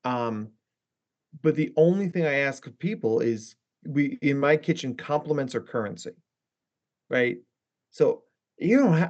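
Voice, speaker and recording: A man's voice: mid-range voice, animated, unhurried, pauses often, a little mellow, muffled recording. A man who is a therapist and podcast guest, chatting casually and rambling with many asides. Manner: rambling, lots of fillers and asides.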